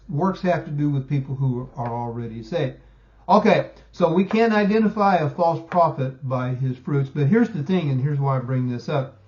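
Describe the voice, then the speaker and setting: A man teaching a Bible study lesson, emphatic and slowing down to stress key words. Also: on the high side, darkish tone, dull audio.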